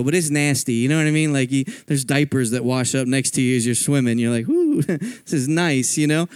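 A man's voice: on the high side, clean tone, dry recording. A man from Philadelphia giving a personal testimony as a guest speaker at a church, talking in a conversational storytelling way with frequent asides. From Philadelphia, USA.

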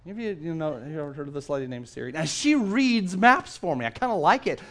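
A male pastor giving a sermon, telling a story in a lively way and often repeating his first words. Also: fairly high pitch, fast talker. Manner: storytelling, animated, repeats words when starting.

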